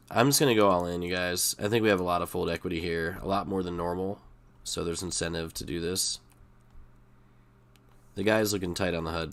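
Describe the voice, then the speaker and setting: His voice is low and a bit bright, with some vocal fry. This middle-aged poker streamer chats casually on the live stream, cursing, rambling and working himself up.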